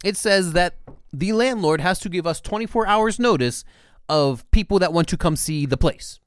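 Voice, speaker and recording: A man's voice: high-pitched, lively intonation, moderate pace, clear, resonant tone, dry recording. A man with a Pittsburgh accent co-hosting a casual podcast, ranting in exasperation about everyday annoyances. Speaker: podcast co-host. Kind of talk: casual chat.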